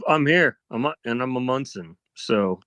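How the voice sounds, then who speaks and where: A man's voice: medium pitch, expressive, fairly bright tone, muffled recording. A man appearing as a podcast guest who speaks hesitantly, often restarting his sentences. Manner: hesitant, halting. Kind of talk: casual chat.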